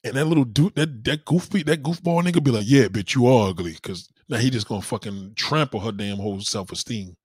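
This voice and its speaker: A man's voice: medium pitch, fairly quick, hardly any pauses, breathy edge, no room sound, clean studio sound. A man chatting casually as a host, telling profane stories and acting out quoted people. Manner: animated, profane storytelling with mock-quoted voices. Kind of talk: casual chat.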